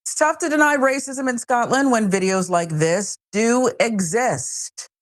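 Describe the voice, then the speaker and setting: A woman's voice: fairly high pitch, a little slow. A woman hosting a news talk show, giving wry, sarcastic commentary.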